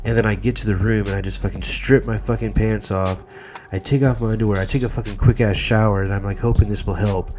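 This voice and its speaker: A man's voice: on the low side, steady tone, fast, a little mellow. A man telling a comic story in a loose, profane, rambling way, full of fillers and restarts. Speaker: podcast host.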